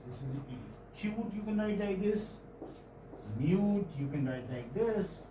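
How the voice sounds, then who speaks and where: A man with an Indian English accent giving a classroom phonetics lecture, halting and often checking in with students. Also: high-pitched, lively intonation, noisy background. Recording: roomy classroom audio from far off.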